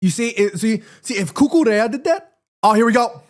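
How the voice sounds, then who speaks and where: A man streaming a football watchalong, calling the play live and chatting to his viewers in an excitable, slangy way. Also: extremely high pitch, a little fast. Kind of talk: live play-by-play commentary and chat.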